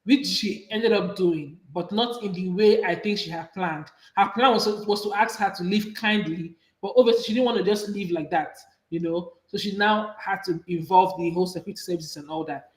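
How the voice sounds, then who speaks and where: A woman's voice: medium pitch, normal speed. A woman co-hosting a casual movie review, walking through the plot in a conversational way. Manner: conversational storytelling with fillers. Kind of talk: casual chat. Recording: echoey room.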